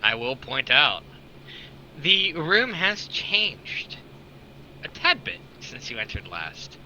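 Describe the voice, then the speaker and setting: A man narrating a tabletop game as game master in a relaxed, casual way, swearing and laughing often. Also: medium pitch, slow pace, a little hiss or hum, rough recording.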